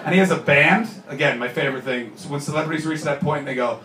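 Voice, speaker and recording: A man doing stand-up comedy, bantering with the crowd in a loud, sweary way. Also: on the high side, fast talker. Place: live comedy venue with audience. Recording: roomy, distant mic with background noise.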